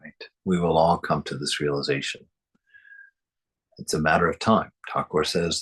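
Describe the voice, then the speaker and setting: A man's voice: very deep voice, fairly even intonation, normal speed, long pauses, fairly bright tone, slightly rough. A man reading a spiritual book aloud and commenting on it, speaking emphatically, repeating phrases and chuckling often.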